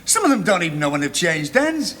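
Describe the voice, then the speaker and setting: Mouthy young Scouser. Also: male voice, high-pitched, big pitch swings, noisy background. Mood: arguing. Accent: Liverpool. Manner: mocking, quick to argue back. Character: cheeky young Liverpudlian son-in-law. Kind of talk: 1960s-70s studio sitcom acting.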